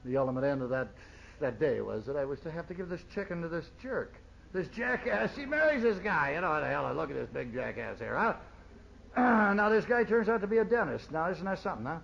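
Gravelly older man, streetwise testimony. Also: high-pitched, fairly bright tone, slight background noise. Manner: streetwise, plainspoken, emotional. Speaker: recovery meeting speaker. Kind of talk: personal recovery testimony. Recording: dull lo-fi recording.

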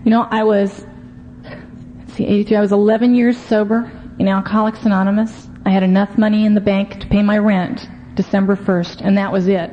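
A woman's voice: mid-range voice, flat delivery, a little fast. A middle-aged woman sharing her story at a recovery meeting, candid and self-deprecating, with many "you know"s. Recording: muffled, lo-fi recording with faint hiss.

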